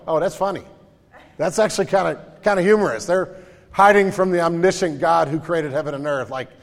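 A man's voice: fairly high pitch, big-room sound. A man, a pastor, preaching a conversational sermon and acting out voices in his stories.

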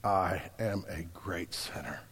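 A man voicing an aging former slave trader, speaking hushed, slow and solemn, in a reverberant hall. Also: low-pitched, steady tone, slightly rough, pitched below the performer's own voice, heavily acted. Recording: long reverb in a large hall.

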